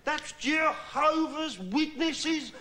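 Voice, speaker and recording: A man plays a shrill, fed-up woman in an old TV sketch, dragging out every complaint. Her voice sits very high and bright, and her delivery is slow. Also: heavily acted. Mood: grumbling. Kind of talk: 1980s TV sketch impression.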